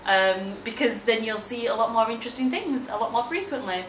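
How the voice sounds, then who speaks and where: A woman's voice: on the high side, lively intonation, a little fast, a bit bright, a little hiss or hum. A young woman from England, chatting casually to camera as a vlogger, bubbly and full of exclamations. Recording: roomy echo.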